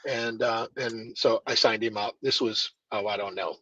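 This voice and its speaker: Husky man telling lively stories. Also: lowish voice, normal speed, dry recording, low-quality recording. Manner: animated storyteller, acts out quoted dialogue. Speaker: martial arts school owner, guest. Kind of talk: storytelling in a podcast interview.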